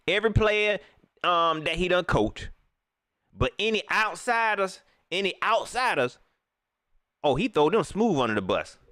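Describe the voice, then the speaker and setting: A man's voice: sits high, fairly bright tone, no echo, studio quality. A young man hosting a live postgame stream. He vents in heated, slangy talk, repeating himself and mocking the quotes he reacts to. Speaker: livestream host.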